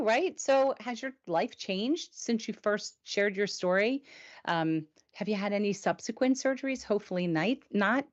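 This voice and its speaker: A woman's voice: mid-range voice, highs cut off. A woman hosting a weekly review show, chatting casually and animatedly with her co-host and viewers.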